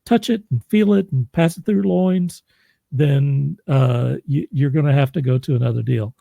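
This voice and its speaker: A man's voice: mid-range voice, moderate pace, creaky, warm tone, dry recording, lo-fi sound. A man from Oklahoma, a podcast host and audiobook narrator, chatting casually and laughing easily. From Oklahoma, USA. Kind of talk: casual interview chat.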